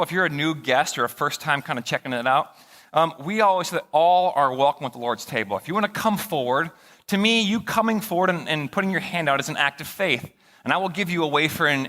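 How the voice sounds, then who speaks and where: Guy pastor giving a chatty sermon, bouncy pitch, kinda high voice, big churchy reverb. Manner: animated, conversational, jokes with the congregation. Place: church sanctuary.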